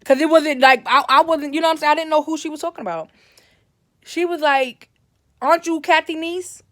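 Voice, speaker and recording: Woman, storytime vlogger, slightly high voice, dry close sound, rambling and self-correcting. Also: steady tone, fairly quick, a bit bright, no echo. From Brooklyn, New York. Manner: livens up when quoting family. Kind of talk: casual storytime monologue.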